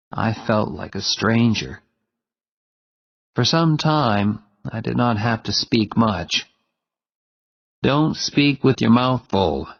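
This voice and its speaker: A man reads a story aloud with a measured, plain delivery. His voice is low and gravelly, and a little husky. The recording sounds muffled and lo-fi. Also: big-room sound. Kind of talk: story reading.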